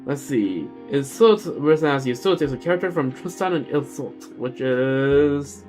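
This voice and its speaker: A man's voice: medium pitch, animated, unhurried, darkish tone, faint music behind. A man giving casual let's-play commentary, rambling and self-deprecating, often restarting his sentences. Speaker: game streamer.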